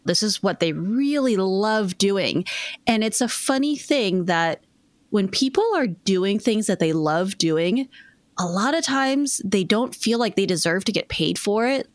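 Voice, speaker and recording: A woman co-hosting a podcast, speaking in an animated, enthusiastic way. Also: mid-range voice, normal speed, no echo. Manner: animated and enthusiastic, laughs easily. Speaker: podcast co-host. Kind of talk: casual podcast conversation.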